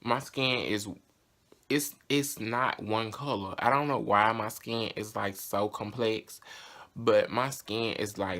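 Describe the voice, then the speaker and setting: A man's voice: lowish voice, vocal fry, bright, forceful tone. A young man with a Southern US accent, talking casually and candidly to camera in a vlog. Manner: chatty, candid and sassy. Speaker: vlogger.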